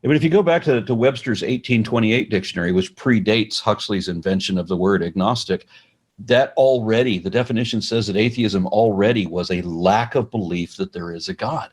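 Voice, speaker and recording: Man with a lowish voice explaining stuff in an interview, steady, repeats himself a bit. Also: husky. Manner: measured, explaining, with restarts. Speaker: atheist organization representative, interview guest.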